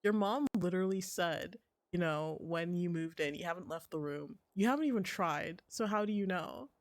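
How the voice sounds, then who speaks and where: Woman reading a curious, cutting kid in a game, flat delivery, low-set voice. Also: normal speed, no echo, studio quality, close to an everyday voice. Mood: blunt.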